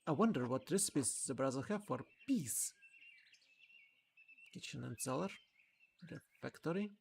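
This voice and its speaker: Streamer, mid-pitch, halting, reads game text aloud in casual commentary. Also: lively intonation, vocal fry, a little hiss or hum. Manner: thinks aloud, halting with repeated words. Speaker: streamer playing a narrative game.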